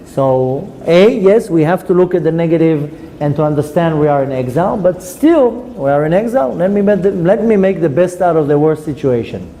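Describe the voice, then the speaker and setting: A man's voice: a little high, lively intonation, fairly quick, hardly any pauses, dark tone. Male rabbi giving a class; emphatic, repetitive delivery, faint background noise. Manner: emphatic, repeats phrases with hesitations. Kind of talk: Torah class. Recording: long hall reverb, faint noise.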